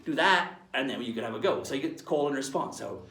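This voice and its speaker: Gravelly man playing a jolly pirate teacher. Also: medium pitch, animated, quick pace, a bit bright, echoey room, distant mic. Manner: chatty, hearty, checks in with "right?" after each point. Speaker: costumed pirate character teaching children. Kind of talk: playful online children's lesson.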